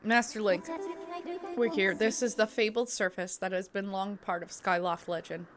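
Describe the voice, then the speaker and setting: A woman reading aloud the lines of a calm, precise female sword spirit from a game, in an even, formal way. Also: mid-range voice, normal speed, close to an everyday voice.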